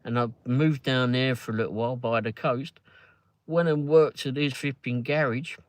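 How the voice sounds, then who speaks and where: This London-accented Englishman talks casually from a car on a live ride-along, swearing freely and rambling through lots of fillers. He has a mid-range voice with fairly even intonation at a moderate pace, and there's no echo.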